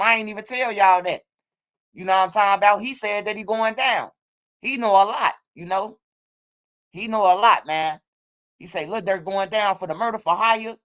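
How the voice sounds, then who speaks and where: Bright, smooth-voiced streetwise man. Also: high voice. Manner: loose, streetwise, repeats words like bro and man. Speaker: commentary channel host. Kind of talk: casual streaming commentary.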